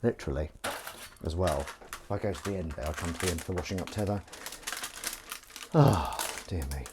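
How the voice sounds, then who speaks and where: A man with a low voice talks a little fast on a live stream, rambling, playful and self-mocking, while washing dishes at his kitchen sink. The audio is very noisy.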